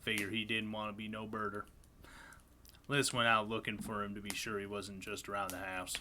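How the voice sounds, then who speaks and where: A man reading aloud as a frightened, uneducated farmer writing a diary, in rough folksy grammar and a grim tone. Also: fairly low pitch, flat delivery, a little fast, noisy background, close to an everyday voice.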